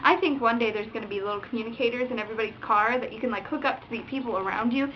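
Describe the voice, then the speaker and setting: Young woman vlogger, high-pitched, casual and animated; muffled low-fi webcam recording, slight background noise. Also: very fast. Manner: animated, acts out drivers with sound effects and curses. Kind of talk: casual storytelling rant. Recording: dull lo-fi webcam audio with faint noise.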